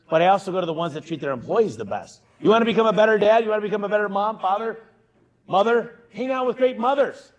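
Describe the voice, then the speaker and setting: Energetic businessman on stage, mid-life, higher-pitched and forceful in delivery. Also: poor audio. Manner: punchy, emphatic, talks straight to the crowd. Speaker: keynote speaker. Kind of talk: energetic conference keynote. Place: conference stage.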